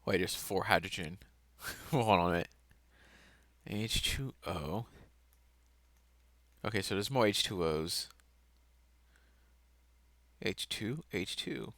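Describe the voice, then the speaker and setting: Slow, bright-voiced man rambling through a lesson. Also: low-pitched, dry recording. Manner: casual, self-correcting, laughs at own mistakes, sudden loud outbursts. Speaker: lesson presenter. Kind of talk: rambling self-made lesson.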